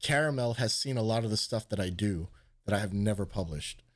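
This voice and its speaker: A man in the middle of a laid-back live stream, telling a long story in a casual, rambling way. He swears freely and jumps his voice up high when he acts out what other people said. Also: brisk. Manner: animated, swearing, acts out quotes in a raised voice. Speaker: host.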